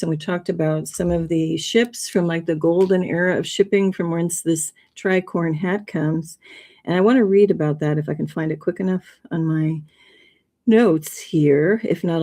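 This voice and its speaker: Chatty low-voiced woman host. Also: a little mellow. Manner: rambling, chatty, laughs often. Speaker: livestream host. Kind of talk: casual presentation.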